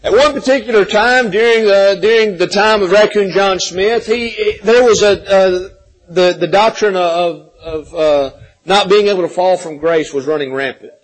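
A man's voice: sits high, moderate pace, low-quality recording. A man preaching a sermon, telling a folksy story with frequent restarts and repeated words.

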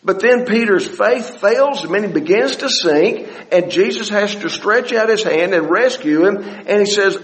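A man with a notably high voice teaches a Bible study sermon. He often halts, repeating a word or two while he looks for the phrase. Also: expressive, fairly bright tone, in a large hall, poor audio. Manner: halting, repeats words while searching. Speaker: preacher.

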